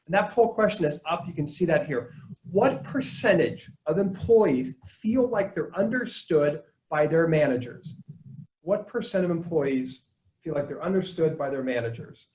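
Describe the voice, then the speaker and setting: A man presenting a live leadership webinar, coaching his audience in an energetic tone and acting out the lines he quotes. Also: fairly high pitch, normal speed, echoey room, a little hiss or hum, poor audio. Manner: energetic, coaching tone, quotes people in put-on voices.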